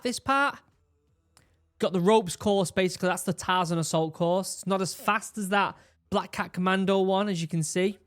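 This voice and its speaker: A man gives excited, casual commentary on a training course video, full of exclamations and restarts. His voice sits slightly high for a man. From England. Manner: animated, exclaiming, with repeated restarts. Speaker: reaction video host, former Royal Marine.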